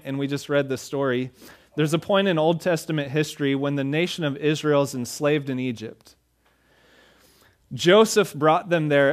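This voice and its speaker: Man preaching a conversational sermon. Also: a little high. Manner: conversational preaching, acts out dialogue. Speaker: pastor.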